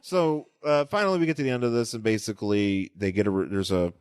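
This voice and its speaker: A man's voice: on the low side, quick pace, a little mellow, clean tone, dry recording, studio quality. A man co-hosting a casual comic book podcast, joking and trailing off mid-sentence. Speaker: podcast co-host.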